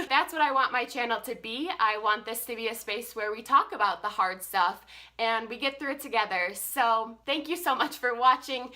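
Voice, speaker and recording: A woman's voice: a little high, pushed and bright. A woman vlogging in a casual, upbeat chat with a congested, stuffy-nosed voice, laughing often as she talks.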